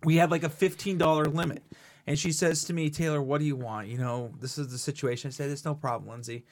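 A man co-hosting a podcast, telling animated stories in casual chat and swearing freely. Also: fairly high pitch, fast. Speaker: podcast co-host.

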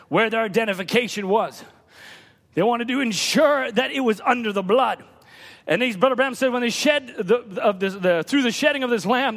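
High-voiced fervent preacher man. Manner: fervent, swings from loud shouting to hushed low tones. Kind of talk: sermon. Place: church. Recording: long reverb of a church hall.

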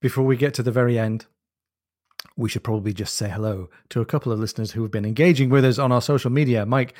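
A man co-hosting a book podcast, retelling a novel's scenes in a lively storytelling way. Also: mid-range voice, quick pace, dry recording, clean studio sound. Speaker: podcast co-host. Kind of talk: casual book discussion.

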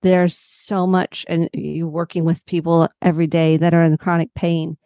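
A woman guest who works as a psychotherapist, telling a personal story in lively conversational talk and acting out the people she quotes. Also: lowish voice, moderate pace, dry recording, clean studio sound. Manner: animated, warm storyteller who acts out quotes.

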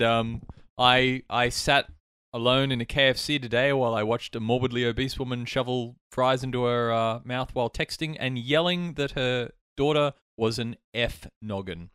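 A man hosting a casual podcast, sardonic and fond of dark jokes. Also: mid-range voice, steady tone, moderate pace, hardly any pauses, smooth, no room sound, studio quality. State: recovering from illness. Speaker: podcast host. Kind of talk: casual chat.

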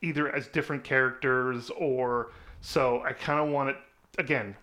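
A man talks through his picks on a relaxed podcast, full of ums and little laughs. His voice sits at an ordinary middle pitch. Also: normal speed. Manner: rambling, filler-heavy, laughs often. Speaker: podcast co-host. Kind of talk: casual chat.

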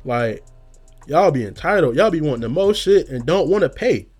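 A man hosting a casual solo podcast rant, rambling and profane, in a self-described monotone, with faint music behind him. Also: a little high, normal speed, breathy edge. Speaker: podcast host.

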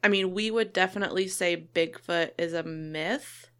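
A woman co-hosting a podcast in casual chat, relaxed and chatty, with many fillers. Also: on the low side, normal speed, clean tone. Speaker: podcast co-host.

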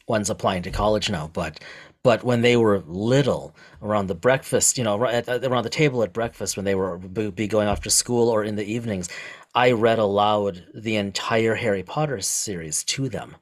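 A middle-aged man hosting a podcast, talking in a casual, chatty way and chiming in often with quick agreement. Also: fairly low pitch. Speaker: podcast host. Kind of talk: casual chat.

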